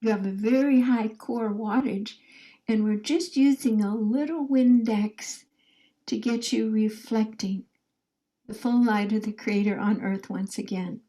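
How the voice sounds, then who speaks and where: Slow, mellow-voiced woman guiding meditation. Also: a little high, fairly even intonation, poor audio. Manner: soft and drawn-out, phrases trailing off into whispers; leads call-and-response affirmations. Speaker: spiritual meditation guide. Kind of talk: guided meditation.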